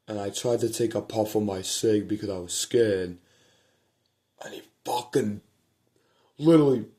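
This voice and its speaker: A man telling a personal story to the camera at home at night, rambling and profane, repeating himself and trailing off into quiet murmurs. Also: on the low side.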